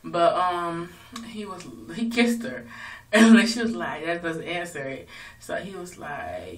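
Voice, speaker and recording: A woman's voice: lowish voice, lively intonation, slow. A woman casually recapping a reality show episode, loose and rambling with lots of fillers and swearing. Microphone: phone. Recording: distant phone recording.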